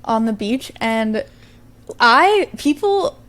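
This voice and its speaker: A woman's voice: fairly high pitch, very animated, slow pace, a bit bright. A woman on a podcast, a band member, reacting with amused jokes in casual chat.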